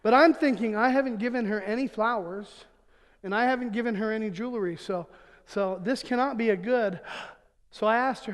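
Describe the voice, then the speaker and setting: Pastor guy telling funny family stories in a sermon, fairly high voice, acts out the quotes, big echoey church hall. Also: normal speed. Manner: animated, acts out quotes, laughs often. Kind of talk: humorous sermon storytelling. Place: church sanctuary. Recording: long hall reverb.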